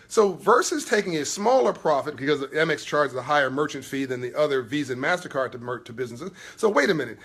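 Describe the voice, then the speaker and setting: Animated emphatic man giving a live talk. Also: fairly high pitch. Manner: animated storytelling with acted-out voices, emphatic and preachy. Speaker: host of a live video talk. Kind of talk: spontaneous motivational talk to viewers. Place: new office.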